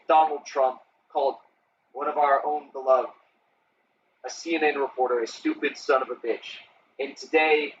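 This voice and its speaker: A man's voice: medium pitch, fairly bright tone, slight background noise, lightly acted. A man doing an impression of a congresswoman delivering a solemn, formal floor speech, recorded with a distant, dull lo-fi sound.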